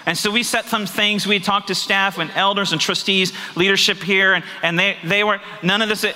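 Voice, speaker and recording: A man's voice: high voice, fairly even intonation, moderate pace, sharp tone. A man pastor preaching a sermon, earnest and confessional, often asking his listeners rhetorical questions. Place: church sanctuary. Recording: reverberant church hall.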